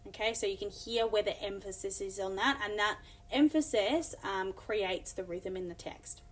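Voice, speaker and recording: Woman teacher, mid-pitched, explanatory, filler-heavy lesson delivery. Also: steady tone, measured pace, few pauses. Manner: explanatory, many fillers, reads examples aloud. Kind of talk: recorded classroom lesson.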